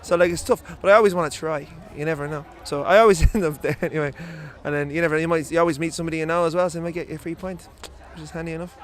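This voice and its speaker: A man's voice: on the high side, fairly even intonation, very fast, few pauses. An Irish man being interviewed outdoors at a festival. He is still buzzing after a gig, swears casually and laughs often. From Ireland. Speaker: musician guest.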